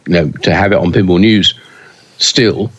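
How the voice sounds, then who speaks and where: A man's voice: low-pitched, moderate pace, dull audio. A man co-hosting a pinball news podcast in casual chat, hesitant with many fillers and restarts.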